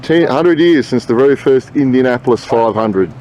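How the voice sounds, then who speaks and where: A man's voice: mid-range voice, animated, moderate pace, a little mellow. An Australian man touring a racetrack, chatting casually as an enthusiastic race fan. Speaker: travel vlogger host. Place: outdoors at a racetrack.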